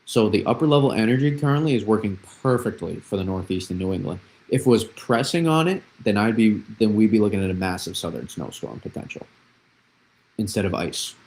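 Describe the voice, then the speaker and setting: A man's voice: lowish voice, lively intonation, brisk, a little mellow, poor audio. A young man hosting a live weather analysis stream, explaining patterns with repeated phrases and frequent restarts. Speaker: weather forecaster, host.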